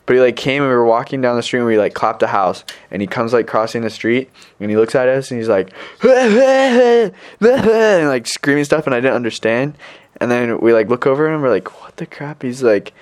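A man's voice: mid-range voice, fast, clean tone. A young adult man telling a story casually to the camera as a missionary, rambling and filling gaps with "like.". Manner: rambling, filler-heavy, lots of "like".

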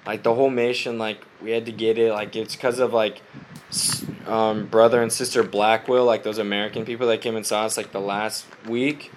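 A young man on a mission gives his family a casual spoken update, rambling, saying "like" constantly, and laughing often. A cold makes his voice slightly stuffy; it's fairly low, flat in delivery, and moderately paced. There's a little hiss or hum.

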